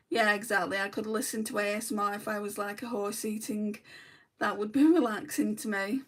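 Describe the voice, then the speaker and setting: A woman's voice: medium pitch, fairly even intonation, brisk. A woman beauty vlogger chatting casually while doing her makeup, rambling with many ums. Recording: voice a bit far from the mic.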